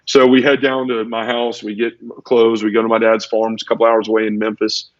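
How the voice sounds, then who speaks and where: Brisk and completely flat in delivery, this lowish-voiced podcast guest recounts his personal testimony, emotional and repetitive, performing sound effects along the way. No echo, but the audio is dull and lo-fi.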